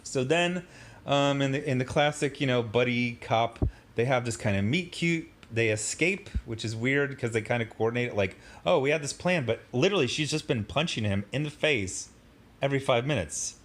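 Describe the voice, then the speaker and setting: A man's voice: mid-range voice, moderate pace, fairly bright tone. Sarcastic man ranting in a casual review. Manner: sarcastic, exasperated, rambling with many fillers. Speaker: commentary host.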